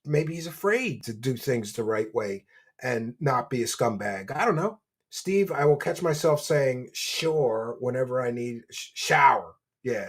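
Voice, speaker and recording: A man's voice: on the high side, slightly rough. A man hosting a livestream, reading donations and mocking a guest in a boastful, rambling way. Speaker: livestream host.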